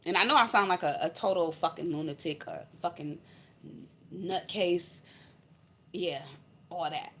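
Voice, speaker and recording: A woman's voice: on the low side, a little slow, pauses often, fairly bright tone. A woman vlogger telling a personal spiritual story in a blunt, emphatic, profane way. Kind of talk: casual storytelling to camera.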